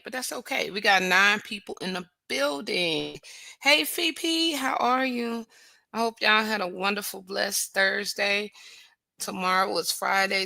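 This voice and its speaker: Bright woman chatting on a livestream. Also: medium pitch, gravelly, no room sound. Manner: chatty, greets viewers by name, praises God often. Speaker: livestream host. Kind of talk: casual livestream chat.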